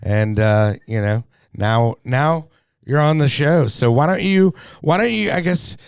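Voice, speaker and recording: A man's voice: mid-range voice, unhurried, creaky, clear, resonant tone, no echo, studio quality. A man hosting a casual podcast chat, rambling and laughing easily with lots of fillers. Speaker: podcast host. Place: studio.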